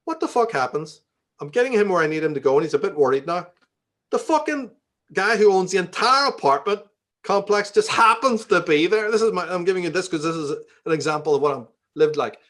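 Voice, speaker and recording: A man's voice: sits high, expressive, a little fast, fairly bright tone. A man with a Belfast accent, a guest in an interview, telling stories with plenty of swearing and acting out the voices of the people in them. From Northern Ireland. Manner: profane, acts out quoted dialogue. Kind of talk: conversational storytelling.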